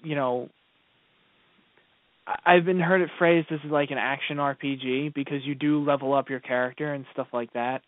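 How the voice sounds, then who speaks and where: A man co-hosting a radio show talks casually on live air, hesitating often with lots of fillers and restarts. His voice is mid-range with a steady tone at normal speed, and the recording sounds tinny and phone-like, dry.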